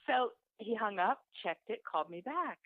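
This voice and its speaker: A woman's voice: fairly high pitch, normal speed. Woman telling her story over a tinny line. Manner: lively, swears freely, acts out what others said. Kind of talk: candid conversational storytelling. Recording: tinny phone-like sound, dry.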